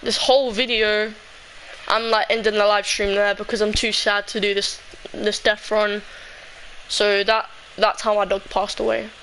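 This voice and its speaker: A woman's voice: medium pitch, level tone, normal speed, a bit bright, a little hiss or hum, poor audio. A teenage girl telling a sad personal story in a rambling way, full of fillers. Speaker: streamer. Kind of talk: emotional storytelling vlog.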